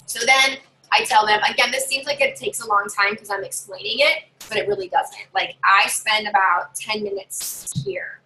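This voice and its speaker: A woman's voice: mid-range voice, normal speed, bright, forceful tone, slight background noise, poor audio. A woman home party sales consultant giving casual, chatty tips to fellow sellers and acting out what her customers say.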